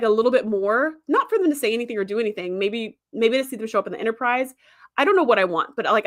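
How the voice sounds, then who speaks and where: A woman's voice: on the high side, dry recording, clean studio sound. A woman hosting a podcast, chatting enthusiastically about a TV series and reading out live chat comments. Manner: chatty and enthusiastic, with frequent fillers and quick asides. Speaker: podcast host.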